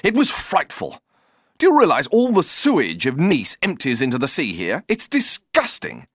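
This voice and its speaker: A man voicing a fussy, flustered Englishman abroad who is easily annoyed, in a high, agitated, spluttering voice. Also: huge pitch swings, normal speed, dry recording, clean studio sound. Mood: indignant.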